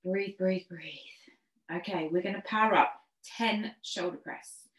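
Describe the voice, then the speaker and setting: The audio sounds dull, and the room is echoey, as a woman of medium pitch guides an online pilates class at an unhurried pace. She's a fitness instructor, encouraging and a bit breathless, counting reps and giving step-by-step cues.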